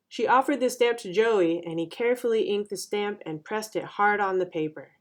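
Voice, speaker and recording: A woman reads a children's picture book aloud. Her narration is clear and even. Her voice sits at a middle pitch. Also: normal speed, hardly any pauses. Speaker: storyteller.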